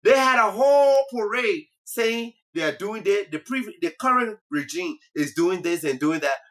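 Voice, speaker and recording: Man, comedy host, animated and teasing, bright, fairly high voice. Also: moderate pace. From Liberia. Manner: animated, teasing, laughs at own jokes. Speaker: comedy talk show host. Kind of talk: casual comic monologue.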